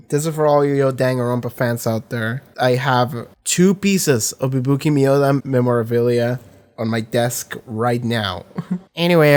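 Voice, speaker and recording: A man giving casual anime reaction commentary from a home setup, rambling excitedly with lots of fillers and swearing. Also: mid-range voice, clear, resonant tone.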